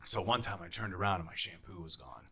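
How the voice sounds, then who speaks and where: A young man telling stories as a podcast guest, casual and animated, swearing freely and acting out the people he quotes. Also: sits low, fast, creaky, crowd noise. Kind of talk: casual storytelling.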